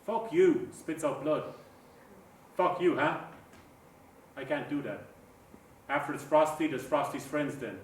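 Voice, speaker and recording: A man's voice: on the high side, measured pace, long pauses, close to an everyday voice. An actor playing a troubled young man, muttering a brooding inner monologue about revenge. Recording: echoey room, far from mic, faint noise.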